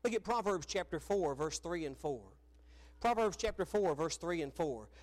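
A middle-aged man preaching a sermon, telling stories earnestly and dropping soft on key phrases. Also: fairly high pitch, expressive, normal speed.

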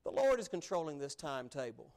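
A man preaching a sermon as pastor, emphatic, swinging between loud stresses and hushed asides. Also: on the high side, big pitch swings, quick pace. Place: church sanctuary.

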